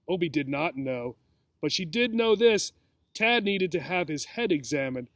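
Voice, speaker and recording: A man reading a children's chapter book aloud with expressive storytelling. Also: on the high side, normal speed, no echo. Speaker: reader.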